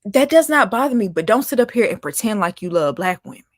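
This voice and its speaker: A woman hosting her own chat vlog, ranting casually in an animated, sassy way with lots of laughter. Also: medium pitch, fast talker, dry recording, clean studio sound. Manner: animated and sassy, laughing, calling out with "honey" and "baby". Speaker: vlogger host. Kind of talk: casual opinion rant.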